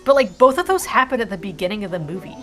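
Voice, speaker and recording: A woman's voice: mid-range voice, faint music behind. Chatty woman riffing on a movie. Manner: quick, animated, joking, full of fillers. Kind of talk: casual chat.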